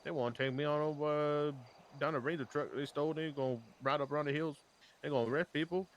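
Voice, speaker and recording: A man's voice: fairly high pitch, steady tone, fast talker, dull audio, slight background noise, lightly acted. A man doing a drawling Cajun swamp man. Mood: boastful. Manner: drawling, rambling, broken grammar. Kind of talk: role-play game character voice.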